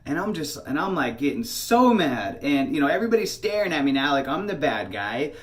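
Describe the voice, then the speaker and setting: A man's voice: a little high, big pitch swings, quick pace. A man casually telling a personal story, rambling with many fillers and restarts. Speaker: channel host.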